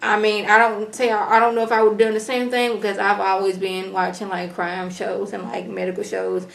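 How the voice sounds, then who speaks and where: A woman recapping a TV episode in an animated, slangy way, acting out characters as she goes. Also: medium pitch, normal speed, gravelly, echoey room. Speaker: TV episode reviewer. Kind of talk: casual TV recap vlog.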